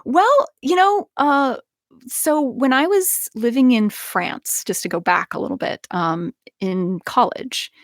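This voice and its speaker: A young woman telling a personal story in casual conversation, animated, with frequent laughs and many restarts. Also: high-pitched, slow, dry recording, studio quality. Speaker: podcast guest.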